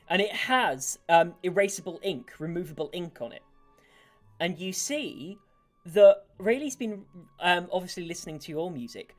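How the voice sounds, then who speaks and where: A woman game master narrates a tabletop scene in a lowish voice, lively and full of fillers. Soft music runs faintly behind her.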